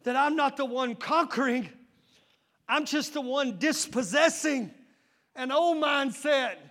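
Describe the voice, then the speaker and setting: A man's voice: very high voice, takes it slowly. A male pastor preaching a fervent sermon, calling out to the congregation in folksy, colloquial phrasing. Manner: shouting, fervent preaching with call-and-response.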